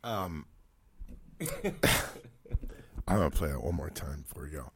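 A man's voice: a bass voice, lively intonation, unhurried, vocal fry, a crowd in the background. A man hosting a talk radio show, reading listener texts and rambling with chuckles and restarts. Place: radio studio. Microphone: close studio mic.

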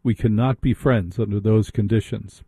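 A man's voice: fairly low pitch, steady tone, moderate pace, dark tone, husky, dry recording. A man hosting a late-night call-in radio show, bantering and teasing callers with dry humor. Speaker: radio host.

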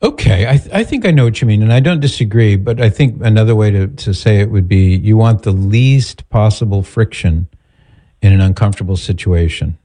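Man with a low, mellow voice. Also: fairly quick. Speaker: host giving advice to a caller. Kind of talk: advice call-in talk.

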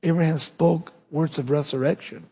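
A man with a high, husky voice preaches a sermon, pressing his points and sinking low and slow for weight. His voice rings out with the long echo of a large hall. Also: fairly even intonation, a little mellow. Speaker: pastor.

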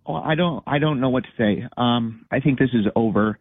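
A man's voice: medium pitch, fairly quick, husky, no echo. A young man calling in to a radio show over the phone, defensive and blunt, getting irritated. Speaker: caller. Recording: tinny phone line.

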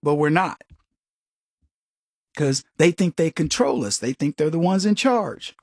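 Husky high-voiced talk radio host. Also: male voice, unhurried, dry recording, studio quality. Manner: animated storytelling, acts out quotes.

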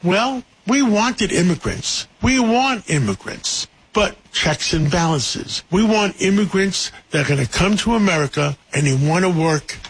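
A man's voice: high voice, lively intonation, measured pace, few pauses, breathy edge, poor audio. A man delivering a short scripted radio commentary in blunt, punchy slogans.

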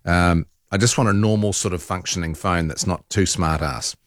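A man hosting talk radio, chatting casually in an animated, exasperated way with frequent ums and restarts. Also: deep voice, normal speed, no echo, clean studio sound.

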